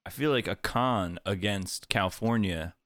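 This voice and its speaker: A man's voice: on the low side, moderate pace, a bit bright, dry recording. A man in casual chat as co-host, bantering and joking at his own expense. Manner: joking, self-mocking banter with "dude". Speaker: podcast co-host.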